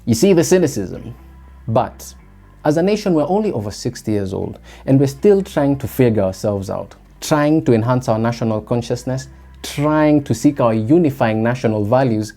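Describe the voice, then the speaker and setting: Kenyan man musing in a mellow voice. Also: medium pitch, animated, normal speed, soft background music. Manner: reflective, rhetorical questions to listeners. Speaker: podcast host. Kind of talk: solo podcast monologue.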